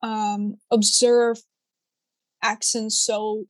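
Her voice sits a touch high and sounds dry and close, with no room around it. A young Dutch woman with a Dutch accent chats animatedly as co-host, her throat slightly sore, her talk full of fillers. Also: extremely slow, no echo. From Netherlands. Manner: animated, chatty, many fillers. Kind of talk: casual chat.

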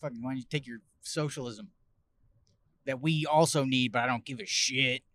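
A man's voice: medium pitch, moderate pace, a bit bright. A young adult man co-hosting a podcast in casual chat, crude and profane, trading joking insults. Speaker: podcast co-host.

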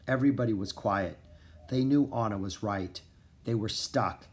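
A man narrating a children's storybook in an expressive, dramatic reading style. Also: fairly low pitch, moderate pace. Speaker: audiobook narrator.

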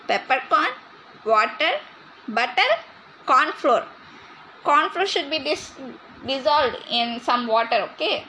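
Brief: woman voicing a high-pitched, bickering grandmother in a comedy cooking skit. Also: sharp tone, slight background noise, full character voice, rough recording. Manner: scolding, bossy, bickering. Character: bossy scolding grandmother, cooking show.

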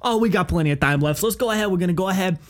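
A man putting on a high rambling CPR instructor. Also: close to an everyday voice. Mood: chatty. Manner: rambling, chatty, high and quick. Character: short round middle-aged male CPR instructor, rambling and fussy.

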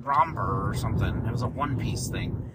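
A man's voice: on the low side, a little fast. A young man co-hosting a podcast in a laid-back, agreeable casual chat. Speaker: podcast co-host. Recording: distant mic, loud noise.

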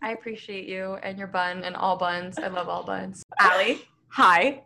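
A woman's voice: mid-range voice, measured pace, vocal fry, bright, forceful tone. A young woman with a slight New York accent hosting a casual podcast, chatty and swearing freely. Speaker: podcast host.

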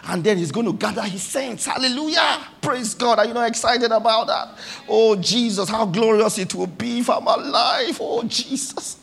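A man preaching a sermon, swinging between quiet reflection and fervent shouts. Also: very high-pitched, moderate pace, gravelly, husky.

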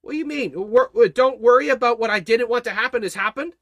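A man voicing a frantic grieving dad crying out to God, voice pushed way up high and loud, words tumbling out, dry close sound. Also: no echo. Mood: bewildered. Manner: pleading, anguished, rushed. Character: desperate grieving father pleading with God.

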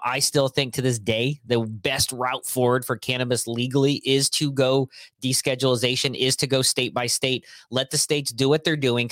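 A man in an easygoing podcast chat, rambling along with asides at a mid-range pitch. His voice is dry and close, with no room echo at all. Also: a bit bright. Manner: rambling, conversational, quick asides. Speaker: podcast co-host. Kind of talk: casual chat.

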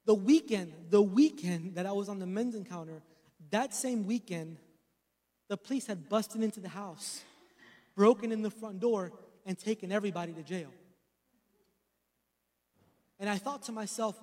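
High-voiced preaching man in a hall. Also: moderate pace, darkish tone. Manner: storytelling, rising to emphatic preaching. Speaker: pastor. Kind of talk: sermon with personal testimony.

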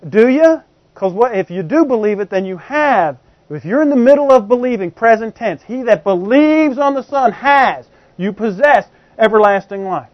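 A man's voice: very high-pitched, no room sound. A man preaching a teaching sermon in a conversational way, explaining with everyday examples and often checking that his congregation is following. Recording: slightly dull, muffled recording.

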